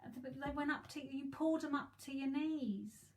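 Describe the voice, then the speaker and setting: With a high-pitched voice at a moderate pace, an English psychic medium in her fifties rambles, chats and giggles during a live reading. The recording is rough, with slight noise behind her.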